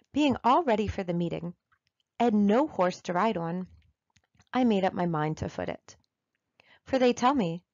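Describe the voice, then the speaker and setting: A woman's voice: on the low side, darkish tone, dry recording, highs cut off. A woman reading aloud, voicing a sly, cackling old witch who poses as pious. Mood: gleeful.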